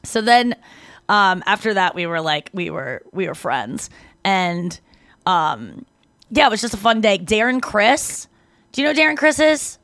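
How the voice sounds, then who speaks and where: A Canadian woman co-hosting a podcast, telling stories in casual chat with lots of "like" and quick self-corrections. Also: medium pitch, sing-song, fairly bright tone, dry recording. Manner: chatty storytelling, heavy use of "like", quick self-corrections. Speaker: podcast co-host.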